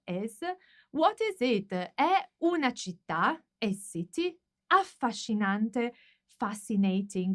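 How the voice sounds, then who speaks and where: A woman teaching a language lesson, patiently explaining each sentence. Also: a little high. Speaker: Italian teacher.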